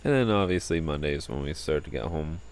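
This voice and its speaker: A tired young man rambling casually about his trip in a relaxed vlog. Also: a bass voice, fast talker, a little hiss or hum. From United States. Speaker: vlogger.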